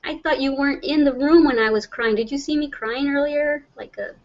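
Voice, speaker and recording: Chatty woman, slightly high voice. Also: brisk, muffled recording. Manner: chatty and rambling, laughs often. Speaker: livestream host. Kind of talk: casual livestream chat reading viewer comments.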